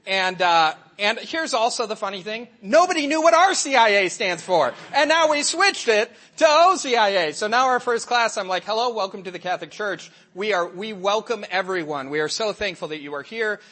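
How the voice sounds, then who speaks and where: A middle-aged man speaking as a Catholic catechist, with a slightly high voice for a man. His pitch swings widely as he tells stories and acts out voices. The talk feels lively and conversational. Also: moderate pace, few pauses. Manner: animated storytelling, acts out voices and asides. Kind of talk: lively faith talk to an audience.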